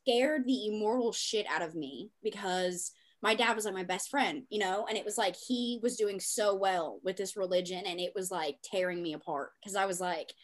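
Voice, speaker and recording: A woman's voice: mid-range voice, normal speed, few pauses. A woman hosting a podcast in casual chat, swearing freely and fighting back tears as she talks. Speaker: podcast host.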